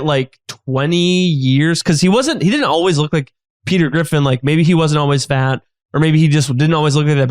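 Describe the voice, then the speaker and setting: A man with a fairly high voice chats as a guest on a comedy podcast. He rambles and interrupts himself, and the sound is dry and close with almost no room. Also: dry recording. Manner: rambling, self-interrupting, with lots of restarts. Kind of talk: casual comedy podcast chat.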